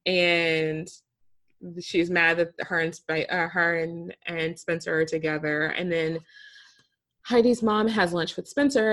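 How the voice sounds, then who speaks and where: A woman chatting casually, recapping a reality show as co-host, animated and laughing often. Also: fairly low pitch.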